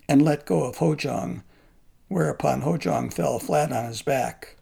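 A man calmly narrating a folk tale in a measured storybook style. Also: on the high side, vocal fry, breathy edge.

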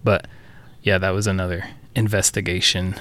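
A man's voice: sits low, flat delivery, normal speed, fairly bright tone, no room sound. A man co-hosting a podcast, telling a workplace story in a loose, profane, chuckling way. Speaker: podcast co-host. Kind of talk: casual storytelling chat.

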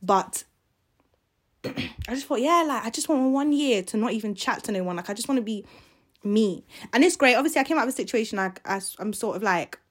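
A woman's voice: fairly high pitch, lively intonation, a little fast. A young woman hosting her own podcast in casual solo chat, rambling and leaving sentences unfinished. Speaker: podcast host.

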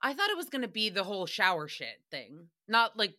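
A woman's voice: mid-range voice, big pitch swings, fairly quick, sharp tone. A young adult woman hosting a casual solo podcast recap, chatty, profane and sarcastic. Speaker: podcast host recapping a radio show.

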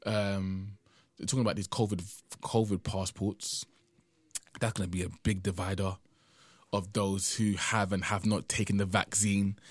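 A man's voice: deep voice, no echo. A young man hosting a casual solo podcast, rambling conversationally and often adding "man", sounding tired and drowsy. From United Kingdom. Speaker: podcast host.

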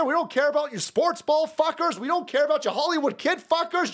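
High-pitched man in a profane political rant. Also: a little fast, few pauses, a bit bright. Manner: heated, profane, repetitive ranting with sarcastic mock quotes. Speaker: political stream host.

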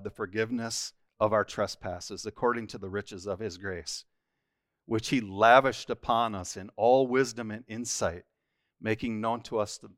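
A man's voice: fairly low pitch, no room sound. Earnest male Bible teacher, dry sound. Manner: reads scripture aloud then explains it earnestly, with restarts. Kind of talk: church Bible study teaching. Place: church.

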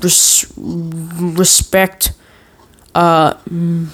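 A man with a high voice, talking at a normal speed, hosts a podcast and tells a meandering, jokey story full of cursing and restarted sentences. The recording is of low quality.

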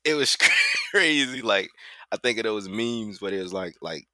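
A man's voice: lowish voice, expressive, unhurried, pushed and bright, no echo. A man co-hosting a podcast, chatting casually and profanely, often laughing. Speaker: podcast co-host. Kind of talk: casual chat.

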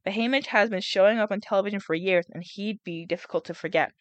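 A woman's voice: mid-range voice, quick pace, no room sound, dull audio. A young woman reading a novel aloud and breaking off to chat and react, with laughs and groans between passages. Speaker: reader and vlogger.

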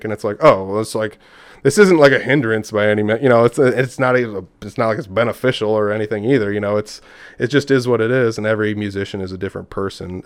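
Fast-talking low-voiced man telling stories. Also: smooth, dry recording. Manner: rambling storyteller who acts out quotes. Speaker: podcast guest. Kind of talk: casual conversation.

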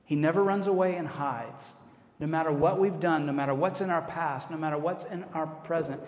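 A man's voice: on the high side, moderate pace, darkish tone. An American man preaching a sermon as a pastor, conversational, with self-deprecating asides. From United States. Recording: echoey hall, long reverb.

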